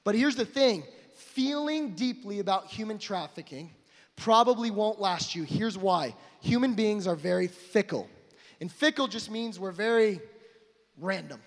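A young man preaching an emphatic sermon to a crowd, swinging between loud calls and hushed asides. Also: high-pitched, animated, measured pace. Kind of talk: energetic sermon to a live crowd. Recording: long hall reverb.

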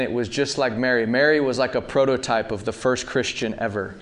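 A man in his thirties preaching a sermon, talking casually to the congregation and building to loud, impassioned peaks. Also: medium pitch, brisk. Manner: rising to loud impassioned peaks, calls to the audience.

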